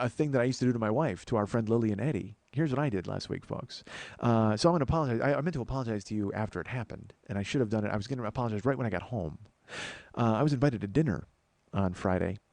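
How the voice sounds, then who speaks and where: A man's voice: lowish voice, creaky, darkish tone, no room sound. A man hosting a podcast, delivering a comedic monologue in a profane, ranting, self-mocking way and calling his listeners folks.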